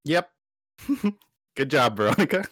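A woman's voice: deep voice, big pitch swings, slow pace, husky, no echo. A woman co-hosting a casual podcast, giggly and playful. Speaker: podcast co-host. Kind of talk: casual recap chat.

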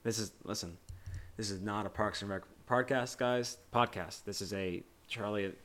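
Male podcast co-host, lower register, loose joking delivery that restarts itself often. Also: steady tone, normal speed, fairly bright tone. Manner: joking, loose, swears casually; rambling with many restarts. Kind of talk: casual movie discussion.

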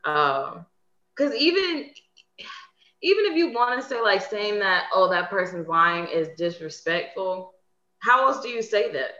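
A woman's voice: medium pitch, big pitch swings, unhurried, a bit bright, roomy sound, highs cut off. A woman in casual group conversation, musing with hesitant fillers. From grew up in many places.

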